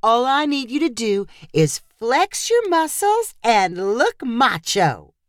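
A woman's voice: a little high, very animated, takes it slowly, no room sound, studio quality, pitched above the performer's own voice. A woman doing a bossy, chirpy photographer lady. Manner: pushy, chirpy commands. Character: bossy upbeat female family photographer.

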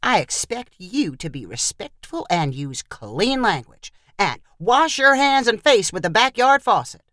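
A woman voicing a brisk, no-nonsense older ranch grandmother who speaks sternly in a storybook reading. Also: medium pitch, big pitch swings, a bit bright, no room sound, clean studio sound, pitched above the performer's own voice.

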